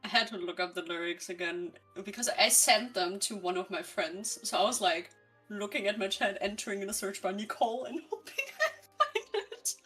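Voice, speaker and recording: Female streamer co-host, bright, giggly, casual chat over faint music. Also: medium pitch, brisk. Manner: giggly, bubbly.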